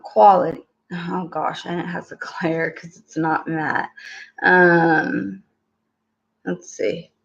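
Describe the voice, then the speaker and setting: A woman's voice: mid-range voice, gravelly. A woman giving a casual tarot reading at home, rambling and hesitant with many fillers. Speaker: tarot reader. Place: at home with her small child. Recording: roomy, dull lo-fi home recording.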